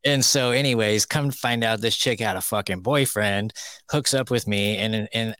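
A man's voice: lowish voice, moderate pace, fairly bright tone, no room sound. A man co-hosting a casual chat podcast, telling stories in a blunt, profane way. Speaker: co-host.

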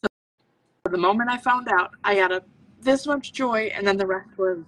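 This podcast guest is a medical intuitive sharing her personal story with earnest intensity and lots of self-talk. Her mid-range voice is a bit bright and moves at a moderate pace, picked up from some distance away from the microphone.

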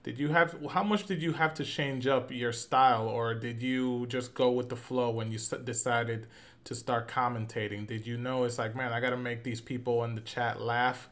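A man's voice: medium pitch, fairly even intonation, normal speed, fairly bright tone. A man hosting a casual interview, asking loose, rambling questions with fillers. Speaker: interviewer, host.

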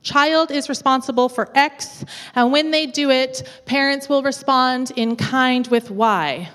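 A woman from the west coast of Canada, preaching a sermon in a church with lively, humorous storytelling. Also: high-pitched, unhurried, big-room sound. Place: church auditorium.

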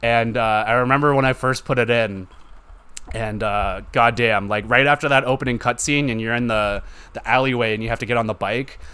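A man's voice: mid-range voice, fairly even intonation, brisk, pushed and bright, clear, resonant tone. A young man hosting a solo gaming podcast, rambling casually with lots of swearing and "like" fillers. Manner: rambling, profane, heavy use of "like". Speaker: podcast host.

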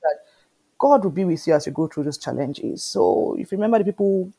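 A woman, an animated storyteller in an interview who keeps asking whether you understand. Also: fairly low pitch, fast talker, slightly rough. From Nigeria. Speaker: interview guest. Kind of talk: conversational interview.

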